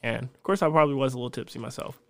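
A man's voice: mid-range voice, racing, gravelly, a bit bright, clean tone. A young man, a podcast guest telling a rambling, profane story and laughing along the way.

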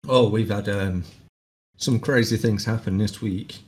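A man's voice: lowish voice, fairly even intonation, measured pace, darkish tone. A young man co-hosting a casual podcast in an easygoing way, laughing often. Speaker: podcast co-host.

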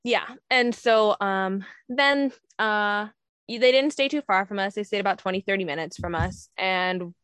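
A woman's voice: mid-range voice, normal speed, fairly bright tone, clear, resonant tone, dry recording. A woman talking casually about being a surrogate. She laughs often and acts out what other people said. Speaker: surrogate mother telling her story. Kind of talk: casual storytelling chat.

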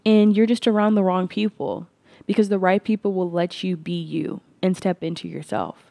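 A woman's voice: fairly low pitch, fairly even intonation, normal speed, vocal fry, mellow, dry recording. A woman hosting her podcast, talking earnestly in a reflective personal monologue, with frequent restarts and "like" fillers. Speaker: podcast host.

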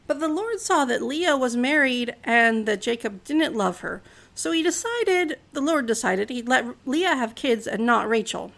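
High-voiced woman with some vocal fry, casual Bible storyteller, chatty and wry. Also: fairly bright tone. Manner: chatty, with fillers and wry asides.

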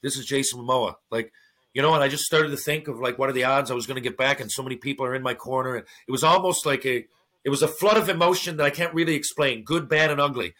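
Bright-voiced man telling stories. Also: medium pitch, fast talker. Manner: animated storyteller acting out others' lines, swears freely. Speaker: podcast guest, former hockey player turned actor. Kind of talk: casual storytelling interview.

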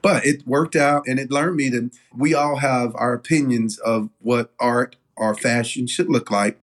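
A middle-aged man tells stories as an interview guest. He is animated and loose, with lots of fillers. His pitch sits in an ordinary middle range. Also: measured pace. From Southern United States. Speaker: guest, denim company owner. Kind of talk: casual interview storytelling.

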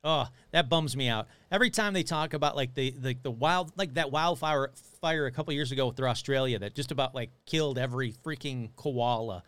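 A man's voice: medium pitch, brisk, hardly any pauses, a bit bright, clear, resonant tone, no echo. A man hosting a casual live stream, chatting loosely, swearing and answering viewers' comments as he reads them. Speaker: livestream host.

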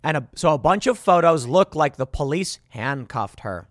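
A man from Chicago hosts a commentary show, talking over news clips in a sarcastic, indignant way. His voice sits a little high for a man. The recording is dry and close, with no room sound. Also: lively intonation, moderate pace, fairly bright tone, no room sound. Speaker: political commentary host.

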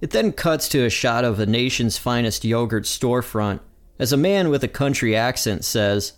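An energetic man hosts his podcast and walks through a cartoon episode scene by scene. His voice sits in an ordinary middle pitch. A faint music bed runs quietly behind him. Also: normal speed. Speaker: podcast host. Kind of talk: episode recap narration.

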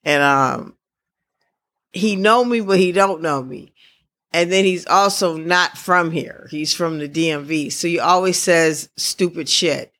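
Podcast host, from the Midwest, excitable and rambling, forceful bright tone, mid pitch. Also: unhurried. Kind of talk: casual podcast chat.

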